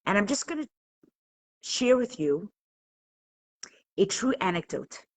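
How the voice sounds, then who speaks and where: A woman's voice: mid-range voice, big pitch swings, takes it slowly, dry recording, poor audio. Earnest woman teaching a live class. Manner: earnest, questioning, engages the audience. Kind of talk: live-streamed talk to viewers.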